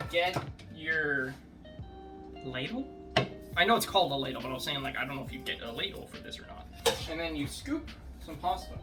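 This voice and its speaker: Swearing, rambling young guy cooking. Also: a little high. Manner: rambling, jokey, swears a lot. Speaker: cooking video host. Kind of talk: casual cooking vlog.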